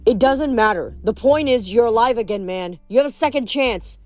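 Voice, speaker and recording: A woman reading aloud, voicing a lively teenage boy mechanic who talks briskly and coaxingly. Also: a little high, pitched above the performer's own voice, lightly acted. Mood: coaxing, persuasive.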